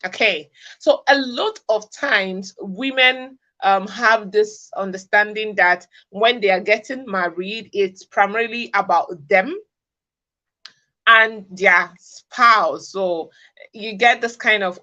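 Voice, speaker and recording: An earnest woman from Africa gives advice in a middle-pitched voice. She talks to camera and stacks one rhetorical question on another. The audio is slightly dull and lo-fi. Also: slow, pushed and bright. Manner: earnest, drives points home with repeated rhetorical questions. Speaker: relationship advice vlogger. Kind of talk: direct-to-camera advice talk.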